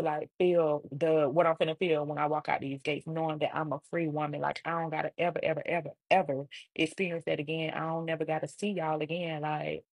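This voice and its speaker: A woman casually retelling a personal story in an animated way, acting out other people's lines. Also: deep voice, creaky, slightly rough, no echo. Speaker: storytime vlogger.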